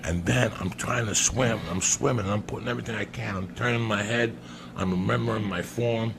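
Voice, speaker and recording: Gravelly, low-pitched man, profane animated storyteller, noisy podcast audio. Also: a little fast. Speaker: podcast guest. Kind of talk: storytelling anecdote.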